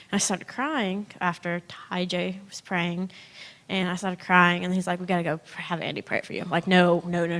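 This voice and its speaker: A young woman giving a personal testimony in church, chatty and animated, acting out what people said with sudden pitch jumps and nervous laughs.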